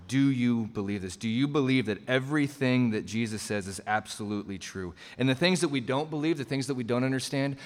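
A male pastor delivers an earnest, emphatic sermon at a medium pitch. His voice rings out with a long hall reverb, as if he is preaching in a church sanctuary. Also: a bit bright. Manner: earnest, emphatic preaching with frequent restarts and asides.

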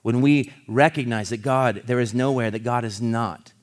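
A middle-aged man from California, a pastor, telling a story in a sermon, earnest and halting, with frequent restarts, and he swells louder as he builds a point. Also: mid-range voice.

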